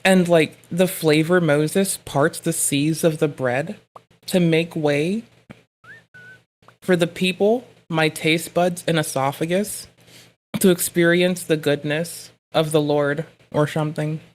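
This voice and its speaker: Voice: medium pitch, steady tone, takes it slowly. Profane, punchy livestreamer. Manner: profane, rambling, mock-angry rants; punchy from little sleep. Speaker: live streamer. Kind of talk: casual livestream chatter.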